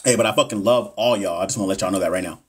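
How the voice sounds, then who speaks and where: A man's voice: on the low side, rapid-fire, breathy edge. A man running a live exam review for nursing students. He talks casually and swears often. He keeps the energy up as he works through each question. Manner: casual, profane, hyped-up talk to viewers.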